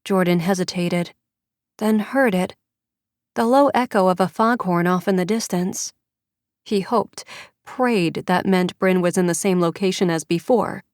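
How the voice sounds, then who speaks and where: Low-voiced woman narrating an audiobook. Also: unhurried, darkish tone, no echo, clean studio sound. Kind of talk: scripted narration.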